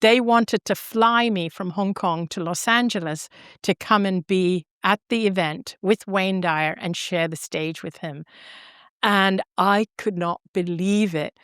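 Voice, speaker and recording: A middle-aged woman guest on a podcast, telling her story in an animated, expressive way and laughing easily. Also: medium pitch, clear, resonant tone, dry recording, studio quality. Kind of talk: storytelling in an interview.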